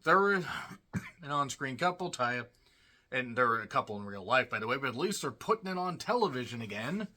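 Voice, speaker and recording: Male reviewer, bright tone, sarcastic and blunt, casual solo talk. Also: mid-range voice, big pitch swings, brisk. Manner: blunt, sarcastic, swears freely. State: tired. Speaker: wrestling show reviewer.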